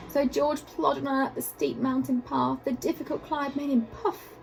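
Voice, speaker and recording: A woman teacher reading a rhyming picture book aloud, expressive and rhythmic. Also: high-pitched, normal speed, gravelly, hardly any pauses, low-quality recording.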